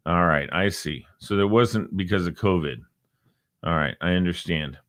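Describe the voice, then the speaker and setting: A man's voice: low voice, moderate pace, a bit bright, no echo, studio quality. A man hosting a casual talk show, rambling and joking and chuckling at his own asides. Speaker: host. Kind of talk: casual chat show monologue.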